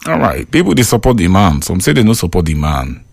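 A man with a Nigerian accent hosting a show, chatting casually as he reads out and reacts to listener comments in an animated, laughing way. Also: low voice, a little fast, gravelly, dry recording, clean studio sound. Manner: animated, laughing, switching into Pidgin. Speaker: show host.

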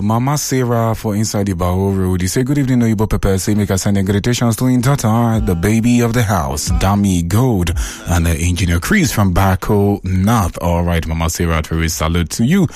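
A man with a Nigerian Pidgin accent hosting a call-in radio show, reading out listener greetings in a lively, chatty way. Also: on the low side, fairly quick. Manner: lively, chatty, laughs often. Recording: radio broadcast with faint music.

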